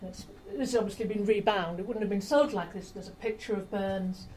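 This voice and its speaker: A woman lecturing to an audience over slides, in a mellow, warm tone. She talks in a chatty way, stopping now and then to correct herself. There is a faint hum of room noise behind her. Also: mid-range voice, brisk, low-quality recording. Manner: chatty, with fillers and self-corrections. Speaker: lecturer on rare books. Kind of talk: public talk with slides.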